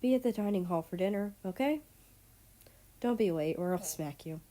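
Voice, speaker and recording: A woman's voice: mid-range voice, animated, moderate pace, dark tone, close to an everyday voice. A woman voicing a chatty, playfully bossy frail maid in a storybook reading.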